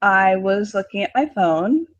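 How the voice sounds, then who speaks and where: A woman's voice: medium pitch, expressive, measured pace, muffled recording, close to an everyday voice. A woman voicing a chatty, bouncy little girl who stammers through excuses. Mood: sheepish. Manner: hesitant, rambling excuses.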